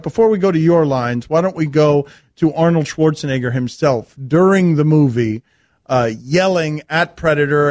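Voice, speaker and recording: A man's voice: on the high side, dry recording, studio quality. A man hosting a sports radio show, telling stories and laughing often. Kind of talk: animated radio banter.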